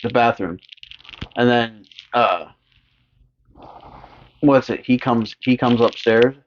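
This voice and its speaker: A man co-hosting a podcast, recapping a horror movie in casual, rambling chat full of swearing, now and then slipping into quick voices for the characters. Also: mid-range voice, slight background noise. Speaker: podcast co-host. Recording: dull lo-fi podcast audio.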